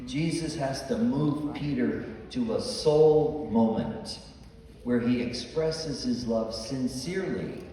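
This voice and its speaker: A man's voice: mid-range voice, slow pace, mellow. A man, a priest, preaching a homily and acting out the dialogue in the stories he tells. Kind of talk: sermon. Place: church. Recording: echoey church hall from far off.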